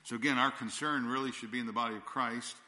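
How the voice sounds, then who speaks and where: A man's voice: mid-range voice, steady tone, fast talker, bright, forceful tone. A man preaching a sermon as pastor, earnest and repetitive, often restarting phrases and returning to "again". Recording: long church-hall reverb.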